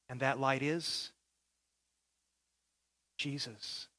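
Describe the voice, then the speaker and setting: Male pastor, sermon, forceful bright tone, dramatic storytelling. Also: on the high side, normal speed. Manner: vivid storytelling, dynamic, dramatic.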